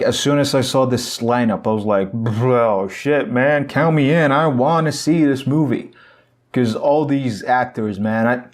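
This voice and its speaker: Excitable man reviewing a film. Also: mid-range voice. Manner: excitable, profane, switching between Arabic and English.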